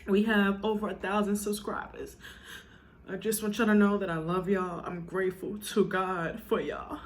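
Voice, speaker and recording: A woman's voice: medium pitch, little pitch movement, moderate pace. A woman vlogger talking to her viewers in a heartfelt, casual way, earnest and emotional, with a lot of "you know", now and then tearful. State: tearful at times.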